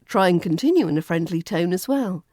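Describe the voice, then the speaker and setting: A woman with a British RP accent teaching pronunciation in a scripted lesson, enunciating clearly and repeating words for practice. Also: on the low side, lively intonation, fairly quick, warm tone, no room sound, clean studio sound. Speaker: accent coach.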